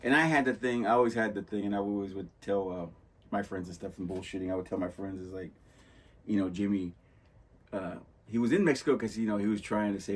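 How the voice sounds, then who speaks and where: A husky, low-voiced man talks loosely through film scenes. He rambles and keeps acting out the characters' lines as he goes. The tone is casual, podcast-host chat. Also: quick pace. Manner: rambling, laid-back storyteller acting out movie lines. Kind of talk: casual chat about movies.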